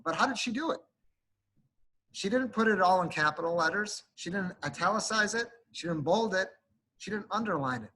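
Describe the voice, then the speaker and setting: A man, a rabbi, giving an earnest sermon to his congregation, often building to emphatic, animated peaks. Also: sits high, a little fast, rough recording. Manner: speaks to a congregation while showing a card.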